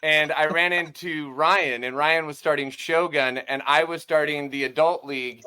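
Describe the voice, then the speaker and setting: A man's voice: fairly high pitch, fairly even intonation, normal speed, pushed and bright, smooth. A man guesting on a casual podcast, telling stories in a brash, profane way. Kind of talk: casual chat.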